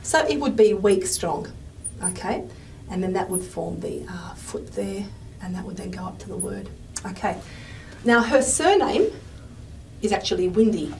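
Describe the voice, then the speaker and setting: A woman lecturer explaining at a whiteboard in a chatty way, often checking in with "okay?" and filling pauses with "um". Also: medium pitch, expressive. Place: classroom. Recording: voice from a distance with faint room noise.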